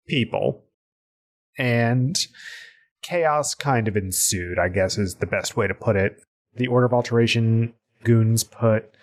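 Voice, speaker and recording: A man who is the game master of a podcast, recapping the last game session haltingly with many fillers. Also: medium pitch.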